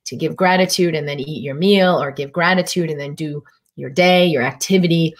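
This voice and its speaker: Easygoing woman physician, slightly low voice. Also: normal speed. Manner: meandering, easygoing talk with frequent fillers and restarts. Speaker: physician hosting a live stream. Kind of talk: casual live-stream talk on wellness. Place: Durango, Colorado.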